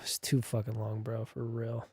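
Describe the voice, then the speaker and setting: A man's voice: medium pitch, monotone, normal speed, darkish tone, breathy edge, no echo, studio quality. A man streamer reading online posts aloud and reacting with sarcastic remarks, frequent laughter and swearing.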